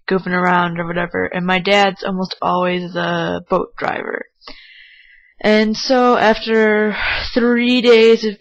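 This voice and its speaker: Chatty young woman telling a story. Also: lowish voice. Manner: chatty, animated when quoting herself yelling. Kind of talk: casual personal story. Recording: dull lo-fi home recording.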